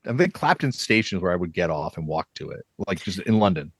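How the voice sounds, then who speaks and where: A man's voice: sits low, big pitch swings, fast talker, few pauses, husky, no room sound. A man hosting a podcast, telling rambling anecdotes in casual chat and laughing often. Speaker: podcast host.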